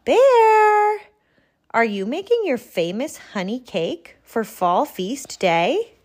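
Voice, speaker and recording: A woman voicing a kind, generous female porcupine in a storybook, in a bright, friendly, lilting voice. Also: mid-range voice, sing-song, slow.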